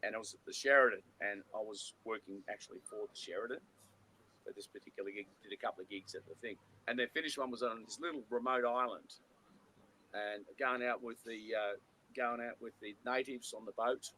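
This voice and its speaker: A man's voice: on the low side, a little fast, bright, forceful tone, a little hiss or hum, poor audio. Rambling man telling stories. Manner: rambling anecdotes with restarts and acted-out quotes. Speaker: co-host, musician telling stories. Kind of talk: casual chat, storytelling.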